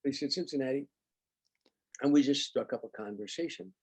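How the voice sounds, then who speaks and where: An older man, a comedian guest, telling lively anecdotes in an interview and acting out the dialogue. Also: medium pitch, brisk, breathy edge. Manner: animated anecdotes, acts out quoted dialogue. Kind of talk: storytelling interview.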